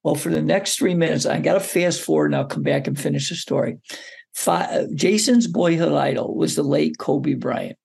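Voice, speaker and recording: A man, a basketball coach, telling a story as a guest in an interview, lively and often putting questions to the listener. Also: on the high side, moderate pace, vocal fry, breathy edge. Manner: animated storyteller who poses questions to the listener.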